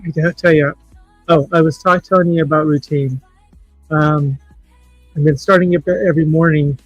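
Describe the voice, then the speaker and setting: A man hosting a livestream in casual chat, talking in an emotional, halting, heartfelt way. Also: fairly high pitch, fairly even intonation, dry recording, lo-fi sound, soft background music. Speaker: livestream host.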